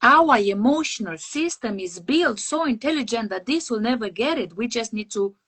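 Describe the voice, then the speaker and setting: A woman's voice: a little high, expressive, moderate pace, fairly bright tone, breathy edge. Earnest woman explaining emotions, non-native phrasing. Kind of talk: conversational podcast talk.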